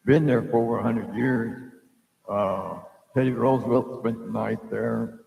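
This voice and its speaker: Middle-aged male psychic host, rough gravelly voice, meandering spoken story, booming echoey room. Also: unhurried, phone-quality sound. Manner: meandering, loses his thread, many fillers. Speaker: psychic storyteller hosting a live stream. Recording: echoey room with long reverb.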